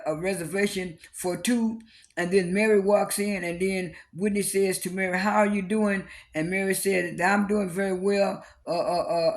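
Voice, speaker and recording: A man recapping a reality TV episode in a casual, halting way, with lots of fillers and repeated restarts. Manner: briefly acts out quoted cast lines with raised pitch.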